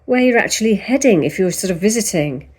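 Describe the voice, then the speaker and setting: A woman's voice: mid-range voice, animated, fairly quick, husky. Chatty woman vlogger rambling to camera. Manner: chatty and rambling, with asides to the viewer. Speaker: lifestyle vlogger. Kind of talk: casual chat to camera. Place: at home showing a book, later outdoors in a park.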